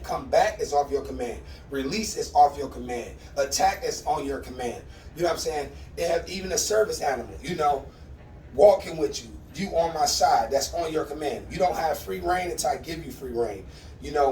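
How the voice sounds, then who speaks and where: A man's voice: on the high side, a little mellow, a little hiss or hum. A man training his puppy on a casual instructional vlog, talking in a laid-back, conversational way and repeating commands to his dog. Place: at home with his dogs. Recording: roomy, distant mic with faint ambience.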